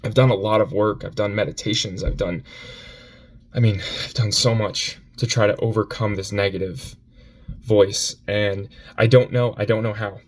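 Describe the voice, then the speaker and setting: A man giving a confessional vlog on his phone, upset and near tears, speaking haltingly and repeating himself between sighs. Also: fairly low pitch, fairly even intonation. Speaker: vlogger.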